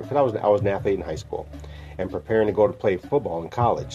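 A man with a very low, mellow voice tells a personal faith testimony slowly and earnestly, pausing as he recalls each step. The sound is a little muffled, with soft music faintly under him. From northern Illinois. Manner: reflective, heartfelt storytelling with pauses. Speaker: podcast host.

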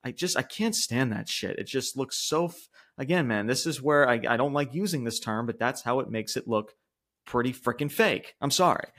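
Excitable, profane wrestling podcast host. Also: male voice, moderate pace. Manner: rambling, profane, laughs often, mimics voices high-pitched. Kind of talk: casual wrestling podcast chat.

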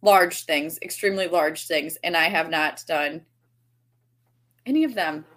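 A woman's voice: deep voice, a little slow, a bit bright. A woman co-hosting a podcast over a video call, rambling cheerfully and laughing at herself. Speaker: podcast co-host. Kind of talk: casual chat.

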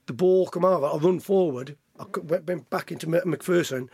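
Husky guy, bit high voiced, acting out a footy story, dry close sound. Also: fairly quick, no room sound. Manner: lively storyteller acting out quotes, laughs often. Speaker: guest, former footballer. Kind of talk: animated anecdote telling.

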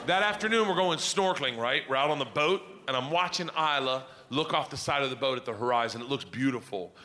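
A man in his forties telling profane family stories as stand-up comedy, animated and prone to loud outbursts. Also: medium pitch, brisk, slight background noise.

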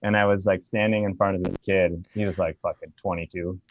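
Bar owner, male, low voice, profane storyteller; dry, dull lo-fi recording. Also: brisk, dry recording. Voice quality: profane, animated anecdote telling. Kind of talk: casual storytelling.

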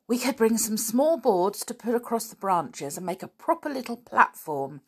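A woman's voice: a little high, big pitch swings, moderate pace, a little mellow, husky, pitched above the performer's own voice, full character voice. Eager, clumsy schoolboy in a storybook, a woman reading the part. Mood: keen.

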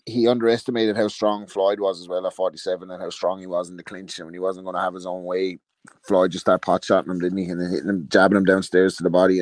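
A man analysing a boxing match on a podcast, rambling quickly with tag questions. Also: low voice, no echo. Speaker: podcast guest. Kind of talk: casual boxing chat.

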